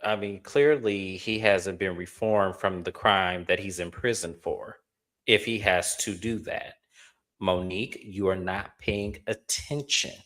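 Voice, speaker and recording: A young man, co-hosting a casual reality TV recap and swooping up into high incredulous exclamations. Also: steady tone, measured pace, fairly bright tone. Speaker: co-host.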